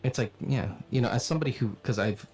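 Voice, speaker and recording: A man raised in the Philippines chatting casually on a livestream, animated, swearing and laughing often. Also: mid-range voice, quick pace, soft background music. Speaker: streamer and voice actor.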